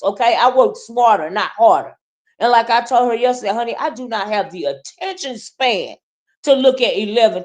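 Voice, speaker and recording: A woman with a Southern US accent giving sassy, confrontational commentary straight to camera, punctuating her points with "okay?" and "right?". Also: on the high side. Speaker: YouTube commentary host. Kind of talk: casual ranting commentary.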